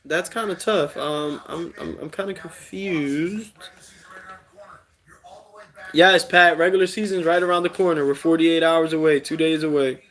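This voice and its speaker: A man hosting a casual live stream, reading chat aloud in a relaxed way with many fillers. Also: fairly high pitch, a little slow. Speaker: streamer host.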